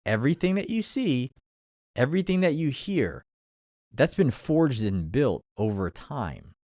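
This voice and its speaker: A man's voice: on the high side, darkish tone, no echo, clean studio sound. A man hosting his own show, giving a blunt, profane motivational talk and laughing often. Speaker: podcast host. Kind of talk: motivational monologue.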